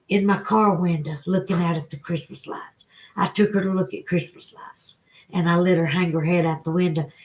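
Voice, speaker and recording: A woman's voice: on the low side, a little mellow. A middle-aged woman with a Southern accent, chatting to her livestream viewers and telling an emotional personal story. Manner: emotional storytelling, tearful at times. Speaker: livestream host. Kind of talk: casual chat to viewers.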